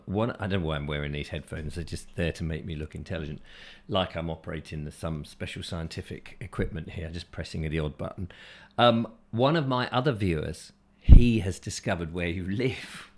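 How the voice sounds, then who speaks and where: A hoarse man with a croaky voice, hosting a chatty live show with silly, playful banter. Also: sits low, normal speed, darkish tone. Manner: silly, playful, puts on voices and trailer narration. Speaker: host.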